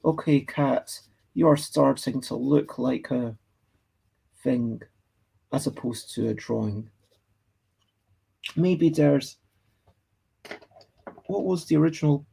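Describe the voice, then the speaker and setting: A man's voice: medium pitch, slow pace, gravelly, long pauses, dark tone, breathy edge. A Scottish man drawing on a livestream, chatting casually and thinking aloud as he reads and answers comments from the chat. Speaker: livestreaming artist.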